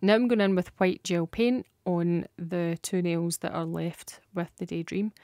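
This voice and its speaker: Scottish woman vlogger, casual and giggly, dry close voice with soft music underneath. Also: fairly low pitch, steady tone, measured pace, dry recording. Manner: chatty and giggly, laughs often. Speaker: nail art vlogger. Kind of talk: casual tutorial chat.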